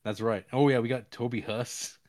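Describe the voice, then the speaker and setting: In a mid-range, darkish voice with a steady tone and moderate pace, a man on his podcast chats loosely through a film's storyline, rambling as he retells it.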